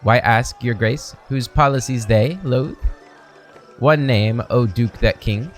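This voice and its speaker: A man's voice: medium pitch, slow, soft background music, lightly acted. A man voicing a timid male court jester who pleads in stumbling old-style verse. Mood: pleading.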